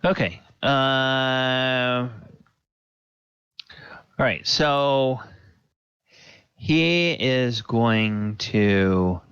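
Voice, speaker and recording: A man narrating as dungeon master of a tabletop game, slow and halting with plenty of fillers, over a home computer mic in an online session. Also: medium pitch, a bit bright, clean tone, no echo. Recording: dull, dry lo-fi audio.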